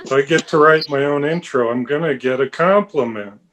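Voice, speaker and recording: A man's voice: fairly high pitch, normal speed, fairly bright tone, poor audio. A man doing a stand-up set built on self-deprecating, dry jokes. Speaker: stand-up comic.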